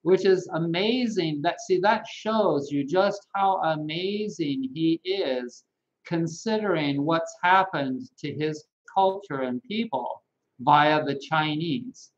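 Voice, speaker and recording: A man hosting a casual live-stream monologue as a holistic health practitioner, chatty and animated, laughing at his own jokes. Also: fairly high pitch, takes it slowly, highs cut off.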